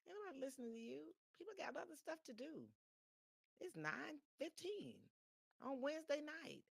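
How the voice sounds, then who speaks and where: A woman's voice: high-pitched, sing-song, normal speed, gravelly, no echo, clean studio sound, pitched above the performer's own voice, exaggerated voice. A woman voicing a nagging, dismissive inner-critic voice that scoffs at her plans. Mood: scoffing. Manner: sneering, scoffing.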